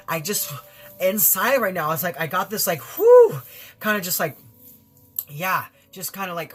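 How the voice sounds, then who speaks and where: A man's voice: high voice, bright, forceful tone, slightly rough. A man giving a spiritual tarot reading in an effusive, rambling way, full of fillers and repeated phrases. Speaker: tarot reader.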